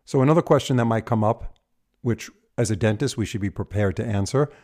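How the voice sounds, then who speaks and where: A man hosting a podcast interview, asking questions and praising the answers in a measured way. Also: lowish voice, a little mellow. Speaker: podcast host, dentist.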